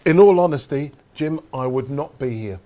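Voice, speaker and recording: A man's voice: a little high, animated, normal speed, mellow. A man, a comedian guest, chatting frankly and cheerfully with the host. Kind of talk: casual chat.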